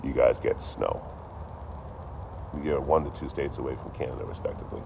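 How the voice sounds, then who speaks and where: Deep-voiced man ranting, profane and animated. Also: normal speed, creaky, noisy background. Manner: profane, animated storytelling with repetition. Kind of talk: casual ranting monologue.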